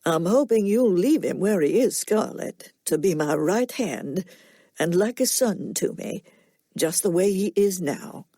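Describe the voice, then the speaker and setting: Voicing a middle-aged Southern farmer for an audiobook, a woman reads in an animated voice on the low side, recorded without echo. The farmer she plays talks in a slow nasal drawl, softly and plainly, with a quiet sternness.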